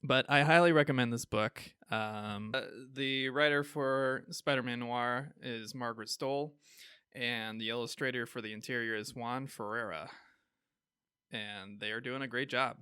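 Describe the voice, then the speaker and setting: A man's voice: mid-range voice, fairly even intonation, a little slow, bright, forceful tone, smooth, dry recording, clean studio sound. A man with a Midwestern accent, co-hosting a podcast and chatting casually in an enthusiastic way, chuckling as he gives his opinions. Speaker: podcast co-host. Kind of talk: casual chat reviewing comics.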